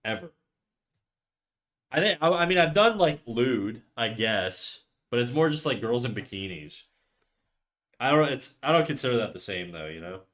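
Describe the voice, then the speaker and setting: Male streamer, mid-pitched, casual rambling chat with viewers, mutters to himself while drawing. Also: very animated, moderate pace, pauses often. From Canada. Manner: rambling, chats with viewers, drops to quiet muttering while working.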